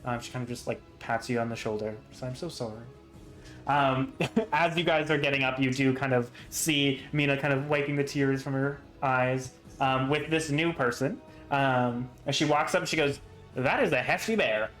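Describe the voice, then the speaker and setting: A male game master narrating a tabletop fantasy session in a loose, casual way, with plenty of ums and easy laughter. His voice sits at an average pitch, with faint music running in the background. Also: fairly even intonation, normal speed, few pauses, a bit bright. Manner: casual, laughing, many fillers.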